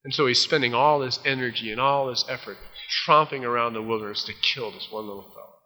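A man preaching, reading scripture aloud and then retelling it with lively acted-out voices. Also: medium pitch, fast, in a large hall. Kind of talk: expository Bible teaching.

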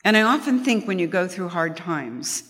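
A woman's voice: on the low side, animated, moderate pace, fairly bright tone. Middle-aged woman teaching in an echoing hall. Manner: chatty storytelling, frequent restarts, light laughs. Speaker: Bible teacher. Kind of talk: conversational Bible teaching with personal stories.

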